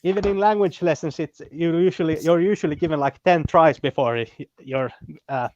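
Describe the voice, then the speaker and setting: A man with a Finnish accent talking as a guest in casual chat, pausing often with fillers and restarts. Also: a little high, a little mellow, muffled recording, slight background noise. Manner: halting, many fillers and restarts.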